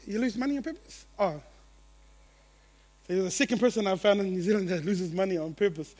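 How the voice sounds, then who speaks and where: Lively high-voiced man preaching a sermon. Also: brisk. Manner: animated and playful, swinging between loud and hushed. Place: church gathering.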